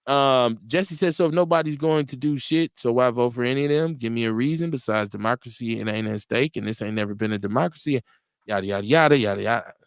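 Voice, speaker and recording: A man hosting a casual political talk show, animated and profane, laughing often. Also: fast talker, clean tone, no echo, studio quality. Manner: animated, laughs often, profane, jumps high in pitch for quoted voices. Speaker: livestream radio show host. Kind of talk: casual political talk reading chat comments.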